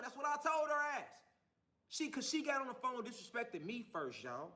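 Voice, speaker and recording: A man's voice: extremely high pitch, sing-song, moderate pace, pushed and bright. A man telling his own story in an angry, profane, defiant monologue. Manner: heated, profane, defiant ranting.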